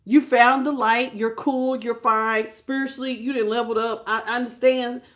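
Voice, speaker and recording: A woman's voice: a little high, steady tone, normal speed, a bit bright. A woman giving a casual live tarot reading, talking straight to the viewer and greeting people in the chat. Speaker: tarot reader.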